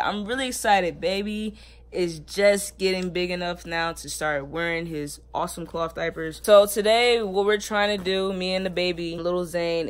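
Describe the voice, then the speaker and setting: A man, a parent, chatting casually in a home family vlog and talking gently to his baby, loose and relaxed with lots of filler words. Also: fairly high pitch.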